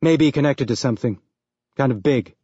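A man voicing a weary middle-aged male detective who talks in a dry, understated, deadpan way. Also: mid-range voice, normal speed, breathy edge, no room sound, natural voice. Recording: dull lo-fi dry recording.

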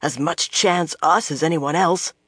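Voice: medium pitch, measured pace, a bit bright, slightly rough, dry recording, clean studio sound. A narrator voicing an impatient, commanding young woman who speaks indignantly.

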